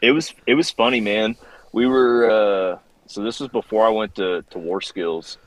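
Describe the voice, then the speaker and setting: A middle-aged man, a veteran guest on a podcast, telling a story in a profane, animated way and acting out the voices in it. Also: on the low side, moderate pace, dry recording, low-quality recording. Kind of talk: casual storytelling.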